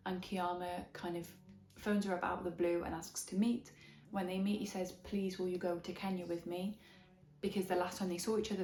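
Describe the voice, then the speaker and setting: A young Welsh woman with a slight Midlands twang, chatting frankly and enthusiastically as she reviews books. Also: fairly low pitch. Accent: Welsh, with a slight English Midlands twang. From Wales. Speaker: book vlogger. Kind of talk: casual book review. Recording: echoey room with soft background music.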